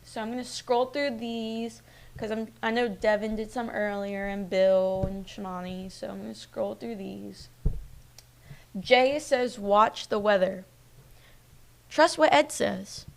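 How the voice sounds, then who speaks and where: Her mid-range voice is flat and unhurried, with vocal fry. She's a woman in her twenties hosting a streamed local news show, chatting casually and personally with many fillers.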